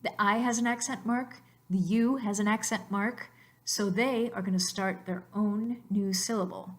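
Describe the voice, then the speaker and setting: A woman teacher narrating a slide lesson, explaining patiently step by step and repeating words slowly. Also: medium pitch, fairly even intonation. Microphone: voice-over on computer mic.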